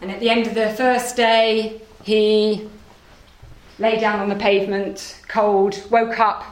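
A woman's voice: medium pitch, slow. Woman minister telling a story, roomy chapel. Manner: lively storyteller, acts out characters. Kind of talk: storytelling sermon.

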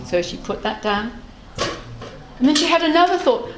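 A woman minister telling a story to a live gathering, playful and animated, often laughing and inviting the audience to join in. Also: high voice, moderate pace. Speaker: minister and theme speaker. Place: meeting hall with an audience. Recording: echoey hall with audible room noise.

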